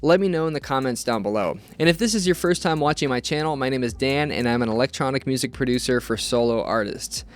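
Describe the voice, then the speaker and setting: A man who hosts a channel as an electronic music producer, giving steady, scripted advice to camera. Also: mid-range voice, fast talker, hardly any pauses.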